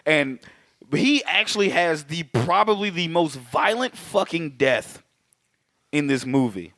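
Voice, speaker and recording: A man's voice: on the high side, expressive, a little slow, a bit bright, no echo, studio quality. A man co-hosting a movie podcast, swearing, joking and laughing often in casual banter. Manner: profane, joking, laughs a lot. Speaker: podcast co-host. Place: lives in Austin.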